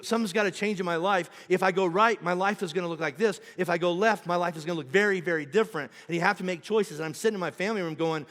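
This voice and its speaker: Middle-aged pastor preaching in a hall. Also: male voice, high voice, fast, few pauses, a bit bright. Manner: conversational, acts out quoted voices. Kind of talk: sermon. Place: church auditorium.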